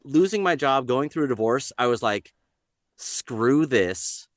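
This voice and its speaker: A man's voice: mid-range voice, fairly quick, no echo. A man, a voice actor, talking casually on a podcast and breaking into voices. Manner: animated, jumps into voices.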